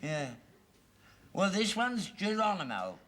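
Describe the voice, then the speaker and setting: A man's voice: high voice, huge pitch swings, slow, noisy background, full character voice. An earnest old rag-and-bone man. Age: older. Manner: earnest and insistent. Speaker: father. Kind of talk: 1970s sitcom acting.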